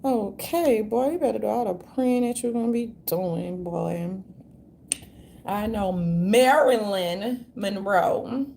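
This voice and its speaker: Gravelly, rambling woman vlogger. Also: medium pitch, slow, warm tone, a little hiss or hum. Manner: meandering, profane, slangy. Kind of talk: rambling casual rant.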